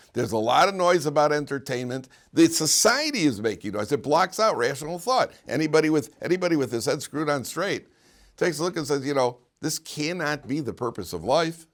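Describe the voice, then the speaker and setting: Animated lecturing rabbi, lively pitch. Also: male voice. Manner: animated, rhetorical questions, frequent restarts. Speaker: rabbi teaching a yeshiva class. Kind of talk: informal Torah class lecture. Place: yeshiva classroom.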